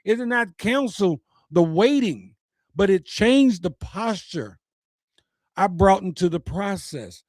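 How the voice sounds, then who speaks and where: Slow, earnest man giving an uplifting message. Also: high voice, lively intonation, a little mellow, dry recording. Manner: earnest, preacher-like, with repeated phrases. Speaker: host of an uplifting message show. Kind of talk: personal motivational message.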